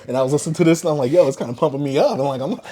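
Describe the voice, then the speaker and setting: A young man co-hosting a casual hip-hop podcast, animated, acting out quotes and laughing often. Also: a little high, racing. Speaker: podcast co-host.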